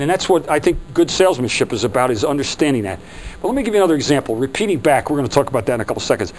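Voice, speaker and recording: A man leading a sales training seminar for a group, lively and acting out customer quotes. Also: medium pitch, slight background noise, poor audio. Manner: animated, acts out customer quotes.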